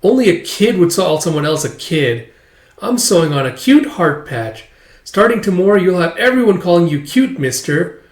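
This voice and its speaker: Man doing a squeaky bossy little girl. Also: big pitch swings, normal speed, echoey room. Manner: high squeaky voice. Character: young girl, bossy and chatty.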